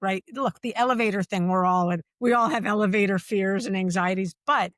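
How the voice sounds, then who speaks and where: A woman speaking as a podcast guest about workplace culture, talking in an animated, emphatic way and repeating phrases for stress. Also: mid-range voice, a little fast, no echo, studio quality. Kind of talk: conversational podcast interview.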